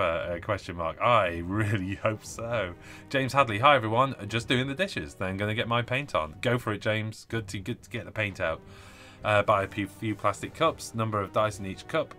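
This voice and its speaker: Guy hosting a live stream, chatty, laughs a lot, kinda low voice, bright edge, bit of music in the back. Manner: chatty, laughs often, reads viewer comments aloud. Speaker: host reading live chat. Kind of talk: casual live-stream chat.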